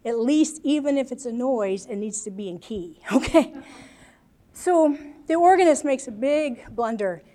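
A woman's voice: a little high, lively intonation, a little slow, warm tone. An American woman preaching a sermon to a congregation, earnest and emotional, with chatty asides. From United States.

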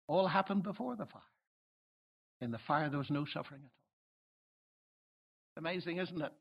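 A man preaching a sermon to an audience, emphatic and swelling now and then into loud exclamations. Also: on the high side. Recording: dull lo-fi recording.

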